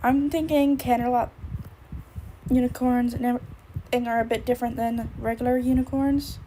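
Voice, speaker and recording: A woman's voice: fairly high pitch, steady tone, normal speed, dark tone, slight background noise, low-quality recording. A woman streamer with the hiccups, rambling casually and thinking aloud as she draws on a live stream. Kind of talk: casual drawing stream chat.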